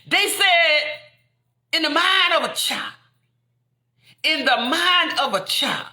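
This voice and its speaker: A woman preaching fervently, repeating lines and building up to shouts. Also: high-pitched, lively intonation, slow pace, echoey room. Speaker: inspirational speaker. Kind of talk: impassioned preaching.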